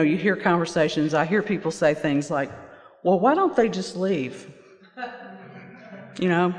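A woman sharing her personal testimony at a recovery meeting, halting and pausing often with fillers. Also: low-pitched. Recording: reverberant hall.

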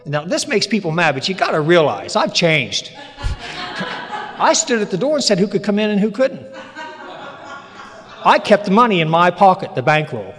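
High-voiced man telling stories. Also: big pitch swings, moderate pace, long pauses, fairly bright tone. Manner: plainspoken, humorous, emphatic retelling. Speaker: speaker sharing recovery story. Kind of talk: folksy storytelling talk. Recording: long hall reverb.

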